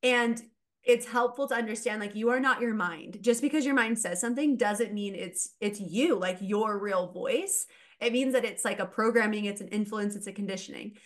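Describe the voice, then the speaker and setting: A woman mindset coach talking casually as a podcast guest, animated and laughing often as she acts out quoted voices. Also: medium pitch, normal speed.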